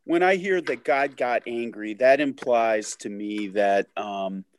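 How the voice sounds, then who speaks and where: A man's voice: medium pitch, slow. A man, a student in a class, asking a question in a hesitant way and searching for words.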